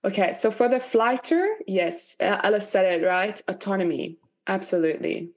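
A woman's voice: mid-range voice, normal speed, darkish tone. A woman leading a live online workshop, talking candidly and chattily, full of "like" fillers and blunt swearing. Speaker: workshop facilitator.

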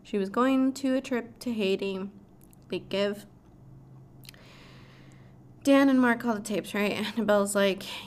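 Animated woman recapping a story. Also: on the high side, a little slow, pauses often. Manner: animated, swears freely. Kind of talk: casual plot recap.

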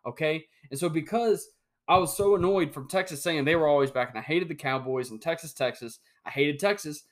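A young man hosting a sports talk podcast, reading out rankings and ranting heatedly with sudden jumps in loudness. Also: fairly high pitch, fairly quick. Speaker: podcast host.

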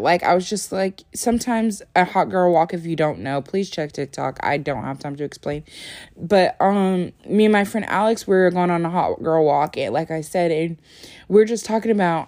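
A woman's voice: on the low side, darkish tone. Sleepy, chatty young woman vlogger. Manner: chatty, rambling, lots of "like" fillers. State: sleepy, yawning. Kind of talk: casual talk to camera.

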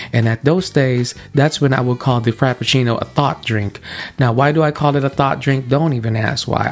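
A young man in his twenties hosting a podcast, telling a story in an animated, playful, self-mocking way. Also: mid-range voice. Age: 20s. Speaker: podcast host.

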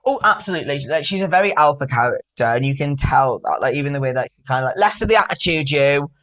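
A man's voice: medium pitch, fast, a bit bright. A man co-hosts a chatty podcast in a camp, giggly way. He rambles through lots of filler words. The recording is dull and lo-fi. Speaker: podcast co-host. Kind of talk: casual chat.

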